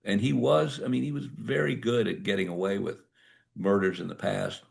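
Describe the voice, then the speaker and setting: Gravelly, very low-voiced older man. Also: fairly even intonation, moderate pace. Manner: anecdotal, acts out dialogue. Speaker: author and former prosecutor. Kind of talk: storytelling at a book talk.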